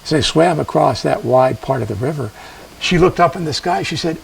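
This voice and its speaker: A man telling a traditional legend in a measured, expressive way with dramatic pauses. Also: a little high, gravelly, far from the mic, a little hiss or hum, rough recording. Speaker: storyteller. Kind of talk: traditional storytelling performance.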